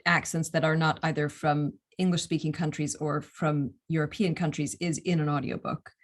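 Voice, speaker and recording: Low-voiced young American woman explaining. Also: flat delivery, moderate pace. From United States. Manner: thoughtful, explains step by step with small restarts. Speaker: audiobook narrator and actor. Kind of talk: casual interview answers.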